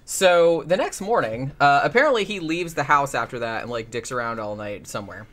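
A man's voice: medium pitch, expressive, fairly quick, a bit bright. A man hosting a casual chat, rambling and sarcastic, swearing freely as he recaps. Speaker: podcast host.

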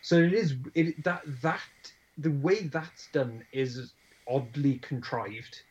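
A man's voice: on the high side, slow pace, muffled recording. A man co-hosting a podcast, discussing a film in a thoughtful, analytical way with some hesitation. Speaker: podcast co-host.

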